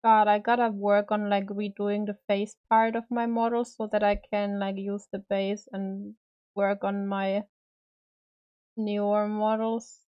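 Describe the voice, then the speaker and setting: Woman streamer rambling while painting, mid-pitched voice, lots of "like", some swearing, desk mic at home. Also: level tone, unhurried, smooth, muffled recording. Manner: rambling, loose, with many fillers and casual swearing. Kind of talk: casual live-stream chat while painting a figure.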